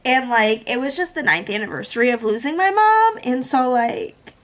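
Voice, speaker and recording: A woman's voice: on the high side, lively intonation, moderate pace, few pauses. A woman chatting casually as a book vlogger, gushing about a story and peppering her talk with "like". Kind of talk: casual book review chat.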